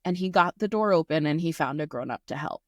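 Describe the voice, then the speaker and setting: A woman's voice: low voice, a little fast, no room sound, studio quality. A woman who teaches, chatting casually and telling a classroom story with lots of fillers. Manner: animated storyteller, many "like" fillers. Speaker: podcast co-host, teacher.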